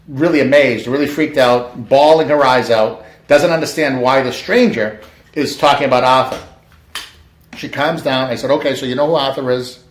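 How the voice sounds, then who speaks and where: A man telling a personal story casually, acting out the quoted lines of the people in it with lively emphasis. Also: mid-range voice. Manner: animated, acts out quoted dialogue. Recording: echoey room.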